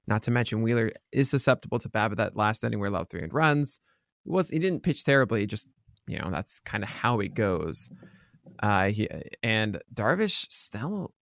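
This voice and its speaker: A man's voice: lowish voice, creaky, fairly bright tone, dry recording, studio quality. A man co-hosting a baseball podcast, talking casually and rambling with many ums and restarts. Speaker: podcast co-host. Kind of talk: casual sports chat.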